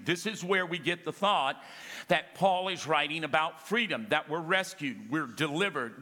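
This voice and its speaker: A man's voice: a little high, bright, forceful tone. A man preaching a sermon as pastor, emphatic, often calling for the congregation to answer back. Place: church sanctuary. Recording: long reverb of a large hall.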